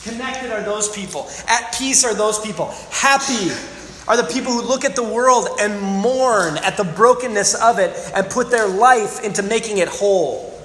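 Preaching emphatically, this pastor repeats phrases and questions his congregation in a high, fairly bright voice at a moderate pace. The recording carries heavy hall echo and faint room noise.

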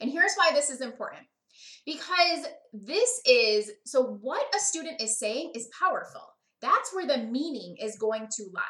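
A woman with a high, bright voice hosts a podcast, explaining ideas in a lively, conversational way. She keeps checking in with her listeners as she talks. The sound rings with the echo of the room. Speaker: podcast host. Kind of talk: podcast teaching talk.

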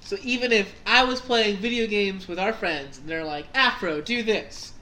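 Man, casual group chat, bright voice, very lively pitch, laughs often. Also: normal speed, a little hiss or hum, low-quality recording. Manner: laughs often, bursts into playful silly voices.

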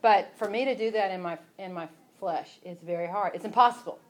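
A woman's voice: medium pitch, a little fast. A woman hosting a casual faith talk, speaking conversationally and quoting scripture.

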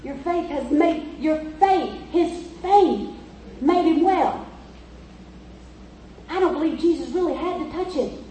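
High-voiced woman preaching, echoey church. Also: takes it slowly, long pauses, dark tone, recorded from a distance, a little hiss or hum. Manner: emphatic, repetitive, storytelling. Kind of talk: sermon.

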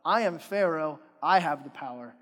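A man preacher quoting a defiant, proud male Pharaoh in a slow, emphatic voice during a sermon. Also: fairly high pitch, expressive, fairly bright tone. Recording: long hall reverb.

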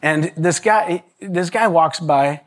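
His pitch fairly high and his pace slow, a pastor preaches a storytelling sermon. Animated and quick to laugh, he restarts often and acts out the quoted voices of the people in his stories.

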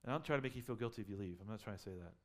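A man's voice: lowish voice, racing. A man preaching a sermon as a pastor, conversational and full of rhetorical questions, building up to emphatic peaks.

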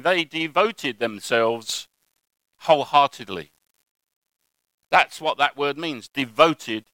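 A man's voice: on the high side, sharp tone, no room sound, poor audio. A man preaching a sermon in a conversational way, mixing scripture with anecdotes.

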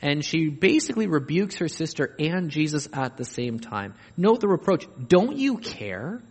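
Animated preaching man in a reverberant hall. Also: fairly high pitch, moderate pace, breathy edge. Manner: animated, humorous asides, acts out quoted voices. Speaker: pastor. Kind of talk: sermon.

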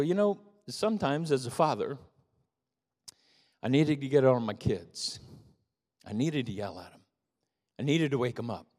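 An older man preaching a sermon as pastor, telling stories with animated emphasis. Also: medium pitch. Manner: animated storytelling, rising to emphatic peaks. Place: church sanctuary. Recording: long reverb of a church hall.

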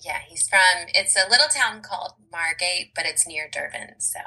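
A woman's voice: fairly low pitch, animated, normal speed, bright, forceful tone, slightly rough, low-quality recording. A woman guesting on a podcast as a travel blogger, cheerful and chatty, laughing often. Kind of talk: casual interview chat.

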